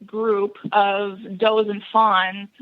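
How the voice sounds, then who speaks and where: A woman's voice: medium pitch, extremely slow, lo-fi sound. A woman from Wisconsin, a podcast guest telling hunting stories in a casual interview, laughing often. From Buffalo County, Wisconsin. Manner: laughs often, lively storyteller.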